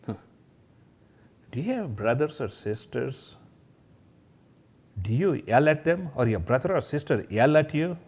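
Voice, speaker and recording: A man teaching kindergarten children, talking straight to them about letters and toys in a slow, sing-song way and imitating sounds. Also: medium pitch, animated, darkish tone, breathy edge.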